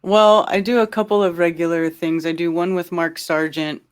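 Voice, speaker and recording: Brief: man, higher-pitched, podcast guest, casual and filler-heavy delivery. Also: flat delivery, normal speed, smooth. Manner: loose, conversational, filler-heavy. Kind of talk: casual interview chat.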